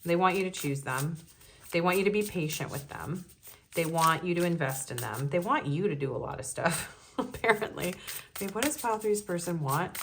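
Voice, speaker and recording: Woman, low voice, giggly tarot reader, chatty, soft hiss behind. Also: lively intonation, normal speed, vocal fry. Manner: giggly, chatty, frequent ums and likes. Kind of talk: casual tarot reading.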